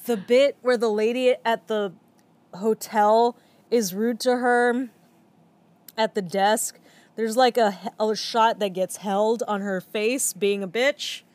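A woman's voice: fairly high pitch, steady tone, slow, a little mellow, no echo. A woman co-hosting a casual podcast chat, speaking frankly and swearing freely. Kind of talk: casual chat reviewing a film.

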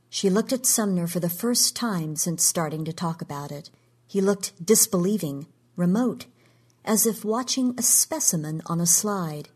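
A woman narrating a story in a measured, even reading. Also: lowish voice, husky.

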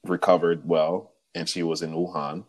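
Deep-voiced man, casual podcast co-host, slangy and rambling, acts out quotes. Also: level tone, normal speed. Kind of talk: casual chat.

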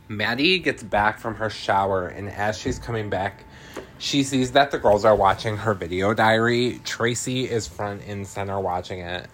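A man's voice: on the low side, moderate pace, a bit bright, a little hiss or hum. A man hosting a podcast, recapping a film in chatty, slangy casual talk with lots of filler words. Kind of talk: casual chat.

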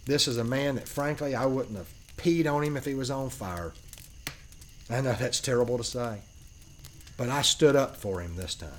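A man narrating a first-person paranormal story as a podcast host, earnest and emphatic with dramatic pauses. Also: medium pitch, a little hiss or hum.

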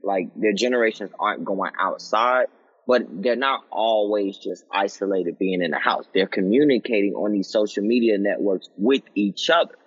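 A man with a low, husky voice, calmly laying out his point on a group call from home. His audio is dull and lo-fi, with a long reverb tail. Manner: measured, explanatory, builds an argument. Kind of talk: casual group chat.

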